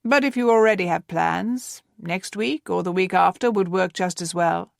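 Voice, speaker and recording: A woman's voice: fairly low pitch, moderate pace, creaky, no room sound, studio quality. A woman voicing a gracious naval captain. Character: kind, courteous middle-aged male naval captain.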